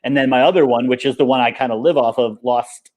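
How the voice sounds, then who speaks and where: A man being interviewed in a relaxed chat, talking in an upbeat, rambling way, full of fillers. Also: medium pitch, fast talker, slight background noise. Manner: rambling and upbeat, many fillers like "like" and "you know". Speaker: interview guest, paintball coach and business owner.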